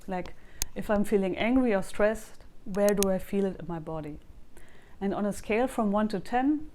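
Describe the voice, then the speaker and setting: Woman, mellow voice, leads a tapping tap-along in calm repeatable phrases, faint hiss behind. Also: mid-range voice, normal speed. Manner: calm, self-reflective, repeats phrases for viewers to echo. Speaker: EFT tapping coach.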